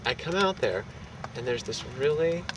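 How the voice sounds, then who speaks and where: A man of middle pitch tells a wild anecdote with swagger and plenty of swearing, jumping into the voices of the people in it. He sits well back from the mic, out on a city street with loud traffic rolling past. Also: moderate pace, recorded from a distance. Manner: animated, profane, acts out quotes. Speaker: storyteller. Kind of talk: casual anecdote.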